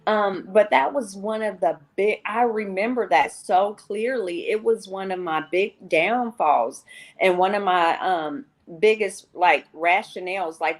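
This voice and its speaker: A woman's voice: mid-range voice, measured pace. A woman guest on an interview show, telling her personal recovery story in a candid, rambling way and often quoting herself.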